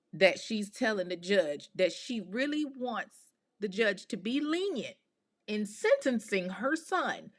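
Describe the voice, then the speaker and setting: Podcast lady running through a true crime case, mid pitch, chatty and fired up, lots of slangy exasperated asides. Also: fairly bright tone. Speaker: podcast host. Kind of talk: casual true-crime storytelling.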